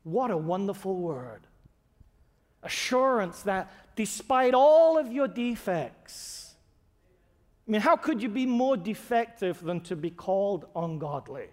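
A man's voice: sits high, animated, slow pace. A male pastor preaching a sermon, earnest and emphatic, leaning hard on key words. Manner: emphatic, earnest, builds to raised stresses. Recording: long hall reverb.

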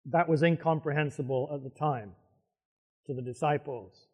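A man's voice: fairly high pitch, normal speed, a little mellow, breathy edge, long reverb tail. A male pastor preaching a sermon to a congregation, emphatic and putting questions to the room. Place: church hall before a congregation.

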